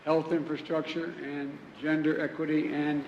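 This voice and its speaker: An older American man, a head of state, reading prepared remarks in a measured, emphatic way. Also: a little high, flat delivery, highs cut off, slight background noise. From United States. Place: large conference hall. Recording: echoey hall with faint ambience.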